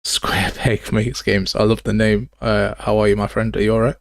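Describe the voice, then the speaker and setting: Low gravelly casual streamer. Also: male voice, flat delivery, normal speed, dry recording. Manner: casual, chatty, answers chat, uses mate and pal. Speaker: game developer streamer. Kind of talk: live coding stream chat.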